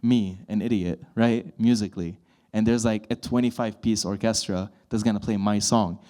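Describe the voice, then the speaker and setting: A man's voice: lowish voice, normal speed. A man of thirty, a voice-over artist and composer, talking at a fireside chat and acting out dialogue in his stories. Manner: animated storyteller, acts out dialogue. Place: event hall with live audience.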